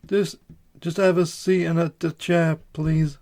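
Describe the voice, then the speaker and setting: A man voicing a fast-talking barber with a vague put-on accent, stumbling as he reads the lines. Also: on the high side, little pitch movement, darkish tone. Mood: pushy. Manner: halting, stumbling over lines.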